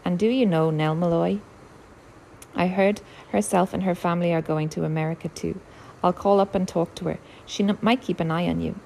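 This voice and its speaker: A woman voicing a tearful young woman who is the heroine's older sister, speaking softly and pleadingly. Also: on the low side, steady tone, brisk, gravelly, a little hiss or hum, rough recording. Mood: tender.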